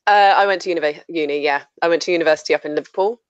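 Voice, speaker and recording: A guest from Buckinghamshire, England, speaks very fast in a smooth, mid-range voice, recorded dry with lo-fi sound. Their southern English accent has picked up some Scouse, and in this casual streamed chat they laugh easily amid many fillers.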